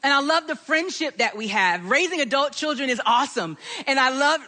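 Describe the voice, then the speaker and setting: Middle-aged grandma talking to a crowd, bubbly and bright, high voice, big hall echo. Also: female voice, a little fast, few pauses. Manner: bubbly, animated storyteller. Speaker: speaker. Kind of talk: speech to a live audience.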